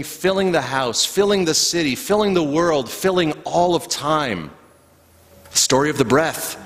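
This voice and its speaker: A man preaching a sermon as a pastor, telling the story in a slow, rhythmic way with long pauses. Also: medium pitch. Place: church sanctuary. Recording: live church recording with long reverb.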